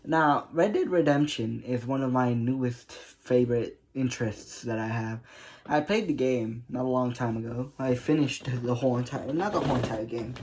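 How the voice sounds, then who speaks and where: A man's voice: medium pitch, normal speed, darkish tone, a little hiss or hum. A man vlogging in a casual, emotional way about a game, laughing often and rambling with restarts. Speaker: gaming vlogger. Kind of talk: casual monologue.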